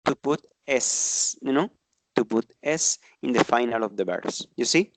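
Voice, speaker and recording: A man's voice: mid-range voice, lively intonation, unhurried, dry recording. A man teaching an online English grammar class, explaining patiently and often checking in with tag questions.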